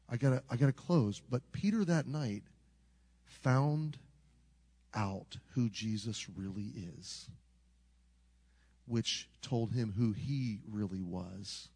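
An older man preaching a storytelling sermon, animated, swinging from loud to hushed, with a gravelly voice. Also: mid-range voice, takes it slowly, pauses often.

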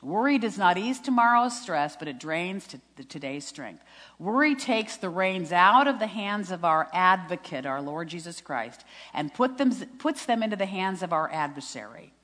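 Low-voiced woman preaching in a hall. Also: very animated, normal speed, fairly bright tone. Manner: earnest, scripture-quoting, laughs at herself. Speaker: speaker at a women's retreat. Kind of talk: testimony sermon. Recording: long reverb in a hall.

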